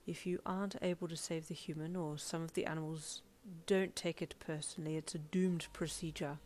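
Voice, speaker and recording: A woman voicing a calm, kind male supervisor in a fan audio story, speaking in a measured way. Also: fairly low pitch, lightly acted. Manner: measured and gentle.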